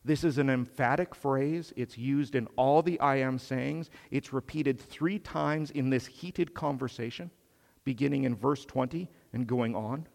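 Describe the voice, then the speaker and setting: A man preaching a sermon in a slow, measured way, swelling on emphatic phrases. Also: mid-range voice, creaky, a little mellow, big-room sound.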